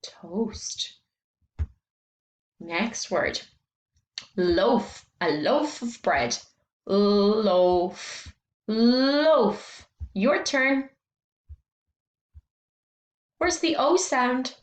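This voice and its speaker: A woman teaching a phonics lesson to young children, speaking slowly and clearly, stretching out sounds and encouraging them. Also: on the high side, lively intonation, reverberant.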